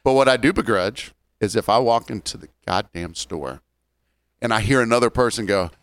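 A man's voice: lowish voice, moderate pace, a bit bright, clean tone, dry recording. A man in his forties chatting casually on a podcast, ranting wryly and joking. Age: 40s. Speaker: podcast co-host. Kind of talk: casual chat.

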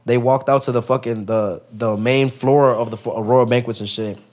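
A man guesting on a podcast, telling a story in casual, profane street slang, with lots of "bro" and lively acted-out lines. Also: medium pitch, moderate pace. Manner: acts out other people's lines in raised voices.

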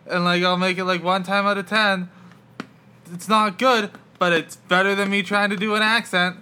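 Bright-voiced young man, halting podcast chat. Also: high voice, steady tone, smooth. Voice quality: bright, halting delivery with many fillers. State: on painkillers after wisdom teeth removal. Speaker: podcast host.

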